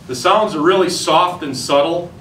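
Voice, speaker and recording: Here the turkey hunting instructor, a man with an Upper Midwest American accent, gives hunters a folksy, plain-spoken outdoor demonstration step by step. He talks at normal speed with a fairly high pitch and fairly bright tone. The voice comes from a distance in roomy sound, with faint ambience and slight background noise.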